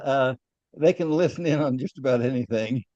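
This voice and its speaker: Older man, halting engineer's talk. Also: medium pitch, mellow, no echo, dull audio. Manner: halting, repeats words, chuckles at own stories. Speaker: retired aircraft engineer guest. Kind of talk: casual interview talk.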